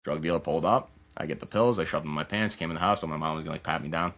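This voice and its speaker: Podcast guest, young man, deep and quick, rambling candid storytelling, acts out quotes. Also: a bit bright. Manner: rapid, loose storytelling full of "like" and acted-out quotes.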